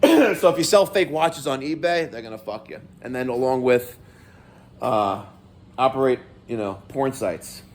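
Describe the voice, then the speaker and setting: A man's voice: mid-range voice, animated, measured pace, a little hiss or hum. A middle-aged man, ranting casually to camera about delayed mail, swearing and exasperated. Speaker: vlogger.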